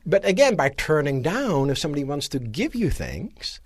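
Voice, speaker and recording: Animated man lecturing at a seminar. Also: sits high, fairly quick, few pauses. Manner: animated, asks the audience rhetorical questions. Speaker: seminar speaker. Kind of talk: live motivational seminar lecture. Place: seminar room before a live audience.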